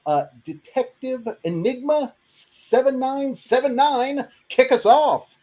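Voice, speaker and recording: A man's voice: very high voice, slow pace, dark tone. A man introducing himself as game master of a tabletop game, friendly and easygoing. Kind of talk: casual self-introduction. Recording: dull lo-fi sound.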